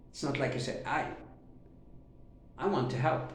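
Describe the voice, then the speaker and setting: A man teaching a grammar lesson who talks haltingly with many fillers and repeats himself, drawing out his example sentences slowly. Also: medium pitch, fairly even intonation. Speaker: English teacher. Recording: very echoey room.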